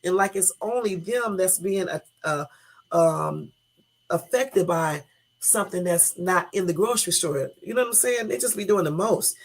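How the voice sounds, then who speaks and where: Gravelly livestream host, kinda husky, reads an article slow then talks real blunt and casual. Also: mid-range voice, animated. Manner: casual and blunt, many "y'all" and "you know what I'm saying"; reads haltingly, stopping to correct typos. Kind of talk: reading an article aloud and commenting, casual chat.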